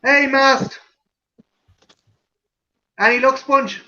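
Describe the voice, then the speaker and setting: A man's voice: extremely high pitch, fairly even intonation, drawn-out words, bright, forceful tone, dull audio. A man hosting a livestream in casual chat, rambling, swearing and laughing. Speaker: stream host.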